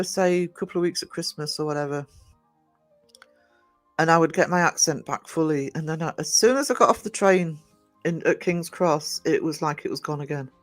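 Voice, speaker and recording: A middle-aged man with a soft Northumbrian accent, chatting casually with live viewers, greeting them by name and rambling with many fillers and restarts. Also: high voice, no room sound. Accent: Northumbrian English. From North East England. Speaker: livestream host.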